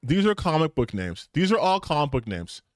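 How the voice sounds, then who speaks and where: A man doing casual reaction commentary on a stream, sarcastic and openly incredulous. His voice sits fairly high and swings widely in pitch, and the sound is dry and close. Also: big pitch swings, normal speed, dry recording. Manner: sarcastic, incredulous, repeats himself for emphasis.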